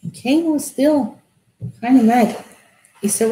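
High-voiced lady telling kids a bible story, lively, echoey room. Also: takes it slowly, long pauses, noisy background. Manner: animated, asks kids questions. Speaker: children's Bible teacher. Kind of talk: storytelling to children.

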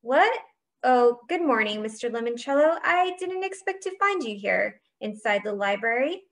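A woman voicing a smug, falsely cheerful boy who flatters the adults. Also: fairly high pitch, normal speed. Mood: fawning. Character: smug, fawning rich boy.

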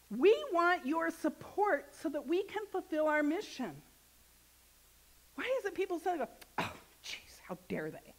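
Woman, minister, high-pitched voice, chatty joking sermon, questions to the congregation. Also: rough recording. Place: church sanctuary.

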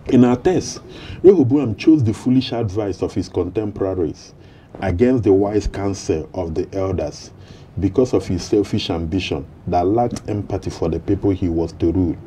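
Man, Nigerian English accent, very deep voice, very dark tone, Bible study moderator. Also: a little hiss or hum, poor audio. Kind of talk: church Bible study teaching. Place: television studio.

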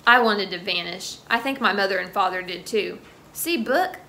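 Bright-voiced woman reading a children's book aloud. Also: medium pitch, fairly even intonation, brisk, vocal fry. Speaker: storybook reader.

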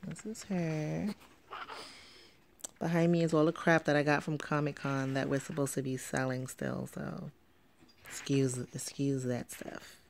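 A woman's voice: low-pitched, flat delivery, measured pace, creaky, slight background noise. A young woman vlogging casually from home, rambling and chatty with many fillers. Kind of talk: casual vlog talk. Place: home, at night with sleeping baby.

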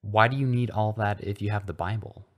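A man's voice: fairly low pitch, fairly even intonation, a little fast, natural voice. A man voicing a naive, earnest schoolboy who is new to his faith. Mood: earnest curious. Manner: earnest, innocent, indignant at times.

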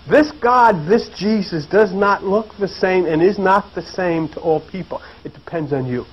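A man's voice: sits high, measured pace, hardly any pauses, husky, dull audio. A man giving a preachy lecture to an audience, building his points with repeated phrases and rhetorical questions. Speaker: lecturer on religion and mythology.

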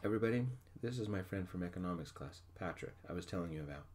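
A man voicing a friendly, busy young man welcoming a friend, in a soft-spoken ASMR story, whispered role-play. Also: low voice, expressive, fast.

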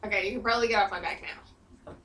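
A woman's voice: mid-range voice, fast talker, sharp tone, echoey room. A woman co-hosting a let's play in casual chat, exclaiming at the game and teasing her partner with exasperation. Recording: distant mic.

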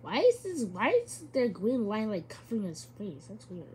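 A woman's voice: medium pitch, sing-song, moderate pace, darkish tone. A woman giving casual, chatty let's-play commentary, giggling and talking back to a game character. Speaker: gamer.

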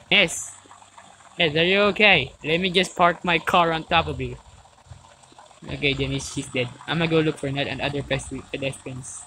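A woman doing casual let's-play commentary, excitable, yelling and swearing at the game. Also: low voice, a little hiss or hum, rough recording. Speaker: gaming video host.

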